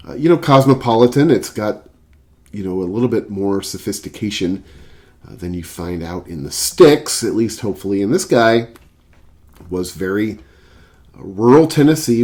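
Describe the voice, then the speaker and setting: Lively, low-voiced rambling storyteller man. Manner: rambling, filler-heavy, animated anecdote. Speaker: record collector and vlogger. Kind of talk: casual storytelling and album review.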